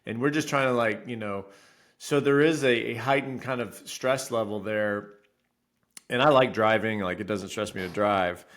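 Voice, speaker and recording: Brief: man, thirties, podcast co-host, animated storyteller who acts out his own lines. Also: lowish voice, moderate pace. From Florida resident. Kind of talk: casual podcast chat.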